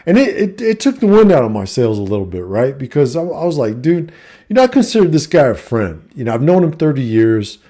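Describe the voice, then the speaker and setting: A man's voice: medium pitch, big pitch swings, a little fast, warm tone. A middle-aged man telling a story in a blunt, profane, casual rant. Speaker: vlogger and coach.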